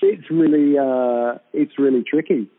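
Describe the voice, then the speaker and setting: A man chatting on a radio show from abroad, talking haltingly with many fillers and restarts. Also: mid-range voice. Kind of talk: casual radio chat. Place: abroad in Britain, calling in. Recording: tinny phone-line sound on radio.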